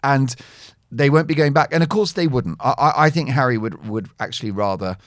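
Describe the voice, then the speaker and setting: A man's voice: mid-range voice, brisk, no echo, studio quality. A man commenting as a talk show guest, wry and playful with self-mocking jokes. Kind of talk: opinionated talk show chat.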